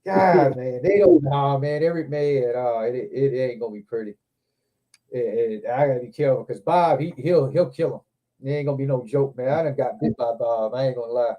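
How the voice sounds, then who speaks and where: A man hosting a livestream, telling rambling, profane anecdotes in a loose, animated way. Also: medium pitch, fairly quick. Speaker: livestream host. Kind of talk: casual storytelling chat.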